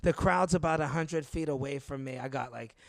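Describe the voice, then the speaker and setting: Gravelly man telling stand-up stories. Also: on the high side, fairly quick, no echo. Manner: animated, laughs through his own stories. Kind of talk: casual storytelling chat.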